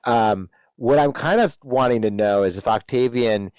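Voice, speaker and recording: A man's voice: mid-range voice, normal speed, a little mellow, smooth, dry recording, poor audio. A man playing a tabletop game, hesitant and stammering as he asks the game master questions. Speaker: player. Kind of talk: casual tabletop play.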